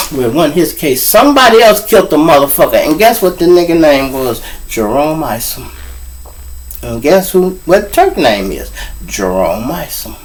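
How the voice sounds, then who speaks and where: A man's voice: medium pitch, a little mellow, far from the mic, a little hiss or hum, low-quality recording. A man from Chicago with a Chicago accent, hosting a show and telling street stories in a rambling, profane way that keeps turning to the listeners. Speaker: host. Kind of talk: street storytelling monologue.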